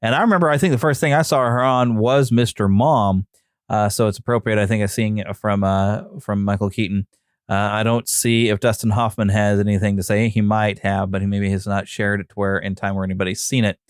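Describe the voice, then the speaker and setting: A man's voice: lowish voice, steady tone, brisk, smooth, no echo, clean studio sound. A man hosting a podcast, talking casually and reading from notes, with frequent "uh" fillers. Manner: chatty, reads notes aloud with many fillers. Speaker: podcast host. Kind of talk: casual solo podcast talk.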